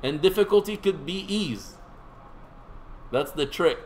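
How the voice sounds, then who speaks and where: A man with a somewhat high voice gives a relaxed classroom lecture. He talks in a conversational way, stops to quiz the students in the room, and drops in light joking asides. A faint hiss sits under his voice. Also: a little slow, rough recording. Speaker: seminary teacher.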